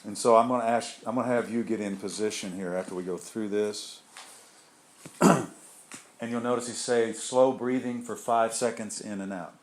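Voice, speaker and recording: A man's voice: fairly low pitch, steady tone, moderate pace, slight background noise. A man giving an informal spiritual talk to a group, rambling and conversational with frequent restarts and asides. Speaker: group leader.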